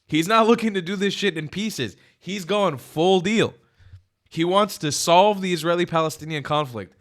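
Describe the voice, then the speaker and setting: A man hosting a reaction vlog, talking bluntly with lots of swearing and emphasis, swinging from loud outbursts to quiet asides. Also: high-pitched, normal speed. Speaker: reaction video host. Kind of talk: casual opinionated commentary. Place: lives in Israel.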